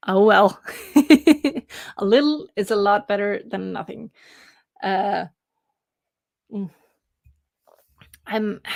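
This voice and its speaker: A young woman from Norway hosts a relaxed writing stream, chatting with viewers at an unhurried pace. She laughs often and pauses on fillers as she reads the chat aloud. Her voice sits close and dry, with no room sound around it. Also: mid-range voice, dry recording. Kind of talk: casual live-stream chat.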